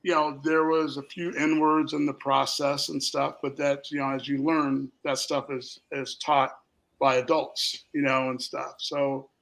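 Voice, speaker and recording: A man's voice: mid-range voice, level tone, a little slow, gravelly, fairly bright tone, low-quality recording. A middle-aged man from Minnesota telling rambling stories as a guest on a talk show, acting out the voices of the people in them. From Minnesota, USA. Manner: rambling anecdotes, acts out quoted voices. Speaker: guest, spirits company founder. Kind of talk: casual storytelling.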